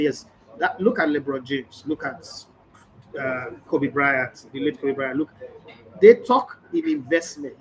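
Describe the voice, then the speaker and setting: In a rough recording with slight hiss or hum, a fairly high-pitched middle-aged Nigerian man, a sports journalist and channel host, speaks in a casual vlog monologue. His storytelling is emphatic, and he performs the quoted conversations himself, with background ambience from what sounds like a hotel room or other indoor space.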